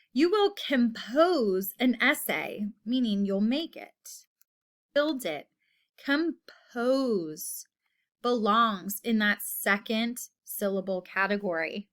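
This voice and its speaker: A woman's voice: fairly high pitch, a bit bright. A woman teaching a phonics lesson to children, patiently repeating each word and giving example sentences.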